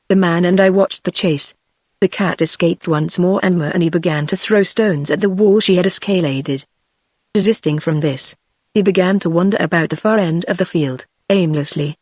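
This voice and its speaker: A text-to-speech woman's voice with a British English accent and fairly low pitch narrates a classic story as an audiobook, reading evenly and steadily. The recording is dry and clean, with studio sound.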